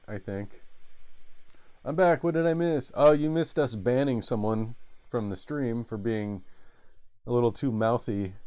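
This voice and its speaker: A man chatting casually while live-streaming a retro game, relaxed and hesitant. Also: medium pitch, smooth.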